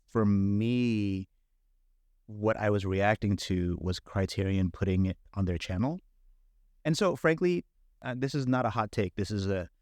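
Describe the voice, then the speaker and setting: A middle-aged man, a film director guest, telling stories in casual, animated talk full of fillers and quoted thoughts. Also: fairly low pitch, dry recording, clean studio sound. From San Francisco Bay Area. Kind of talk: casual conversational storytelling.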